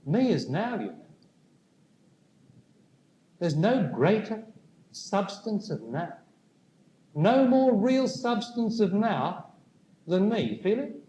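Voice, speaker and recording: A man giving a spiritual talk to a live audience, speaking slowly and deliberately and putting questions to the listeners. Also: sits high, big pitch swings, dark tone. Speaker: spiritual teacher. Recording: echoey room with faint noise.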